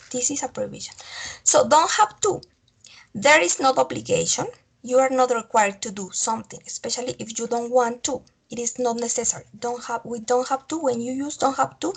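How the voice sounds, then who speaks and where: High, husky woman teacher. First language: Spanish. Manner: repeats each example, checks understanding with "okay?". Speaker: English teacher. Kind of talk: online grammar lesson.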